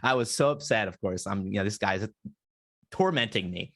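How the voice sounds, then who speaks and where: A man's voice: fairly low pitch, expressive, moderate pace, gravelly. A young man hosting a podcast, telling a story in casual chat and acting out his own panicked reactions. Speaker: podcast host.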